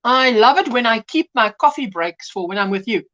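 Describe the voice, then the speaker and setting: A woman hosts a relaxed livestream, chatting freely and reading out viewer comments. Her voice sits high and swoops animatedly up and down. She laughs easily between thoughts. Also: normal speed, lo-fi sound. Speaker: livestream host. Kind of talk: casual livestream chat.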